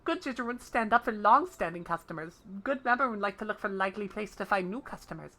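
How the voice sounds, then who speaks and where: A woman's voice: mid-range voice, animated, fast talker, sharp tone. A woman voicing a small, anxious merchant who speaks broken English and refers to himself in the third person. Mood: earnest.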